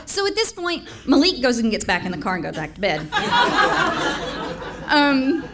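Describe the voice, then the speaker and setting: Storyteller, woman, lively and higher-pitched, laughs as she goes, salty language. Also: moderate pace, pauses often, heavy background noise. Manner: animated, laughs between lines, swears freely. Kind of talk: live competitive storytelling.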